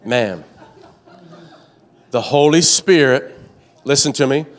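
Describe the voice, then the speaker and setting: A male pastor preaches slowly in a mid-range voice to a congregation gathered both in the church sanctuary and online. His sermon falls into a repetitive cadence with call-and-response prompts, and he stammers and restarts when worked up.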